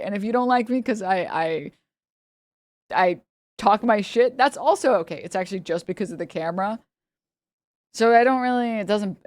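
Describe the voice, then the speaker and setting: A woman's voice: medium pitch, no room sound, studio quality. A woman livestreamer chatting casually to her chat, rambling and swearing, often laughing and mocking her critics.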